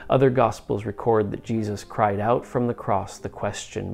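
A man reading scripture aloud at a church service in a slow, solemn, dramatic way. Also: on the low side, steady tone, gravelly, a little mellow, soft background music. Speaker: scripture reader.

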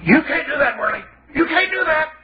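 A man voicing a defiant demon that shrieks and pleads as it is cast out, with his pitch pushed far up. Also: lively intonation, brisk. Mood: taunting. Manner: taunting, then pleading and screaming. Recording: lo-fi phone-like sermon tape.

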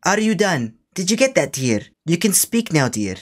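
A scambaiter with a high-pitched, sing-song voice speaks at a moderate pace while playing a fussy old grandmother on a prank call. She scolds, meanders, and ends almost every line with "dear."

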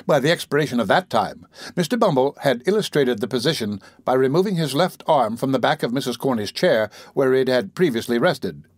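Male audiobook narrator, measured theatrical reading, mid-pitched voice, dry sound. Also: animated, no room sound. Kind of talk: scripted narration.

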